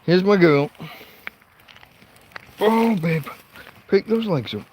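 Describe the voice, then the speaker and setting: On a casual night-time livestream from a tent in a field, a man talks to his dog, exasperated and swearing. His high voice is animated and slightly mellow, he speaks slowly, and there's a little background noise.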